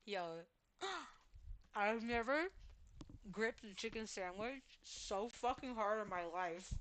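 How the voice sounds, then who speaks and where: A woman's voice: medium pitch, slow pace, fairly bright tone. A woman streamer chatting casually while gaming, gushing, giggling and exclaiming often.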